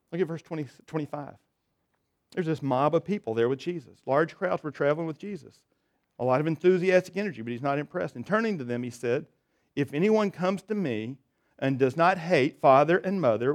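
A pastor preaching a sermon in a slightly higher-than-average male voice. He drives some points home loudly and drops others to a quiet, low murmur. The delivery is conversational but emphatic. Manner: dynamic preaching, swings from loud emphatic to soft and low.

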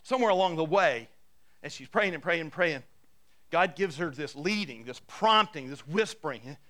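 A male pastor delivers a sermon in a conversational, storytelling manner, often stumbling into quick restarts. His voice sits high for a man and has a bright, forceful edge. He sounds like he is speaking from the pulpit of a church. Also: animated.

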